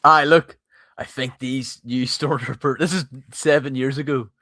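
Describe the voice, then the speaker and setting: A man's voice: mid-range voice, steady tone, moderate pace, sharp tone. A man co-hosting a casual livestream, joking bluntly and laughing often. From United Kingdom.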